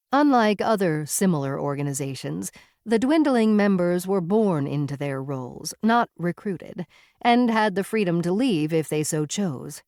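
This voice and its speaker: Wry, low-voiced woman reading a novel. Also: darkish tone, dry recording, clean studio sound. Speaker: audiobook narrator. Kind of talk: first-person novel narration.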